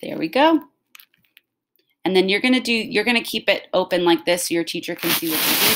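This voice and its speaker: A woman's voice: fairly low pitch, lively intonation, brisk, a bit bright, slight background noise. A woman teaching a recorded phonics lesson to young children, talking patiently and stretching out the sounds of words.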